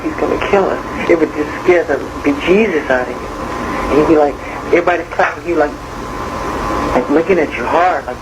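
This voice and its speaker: A man in an interview who tells his stories in a lively way and acts out the quotes. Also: a little high, background noise. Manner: animated storyteller, acts out quotes. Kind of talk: interview recollection.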